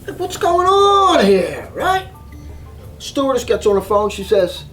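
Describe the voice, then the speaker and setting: A man telling a story in an excitable way, acting out voices and reactions. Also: very high-pitched, measured pace, soft background music. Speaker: vlogger telling a travel story. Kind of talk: animated storytelling monologue.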